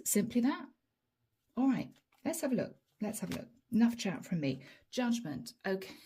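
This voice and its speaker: A woman's voice: medium pitch, dark tone, slightly rough. A woman giving a chatty tarot reading straight to her viewers, laughing often and calling them guys. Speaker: tarot reader.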